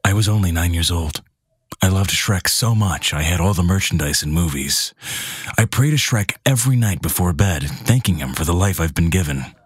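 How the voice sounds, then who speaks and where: A man reading crude internet stories aloud in a flat, plain way. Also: deep voice, moderate pace, breathy edge, no room sound, studio quality. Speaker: narrator.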